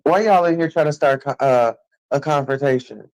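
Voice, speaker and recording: A man's voice: mid-range voice, normal speed, a little mellow, poor audio. A man ranting at commenters on a live stream, brash and sassy, swearing a lot and drawing his taunts out in a sing-song.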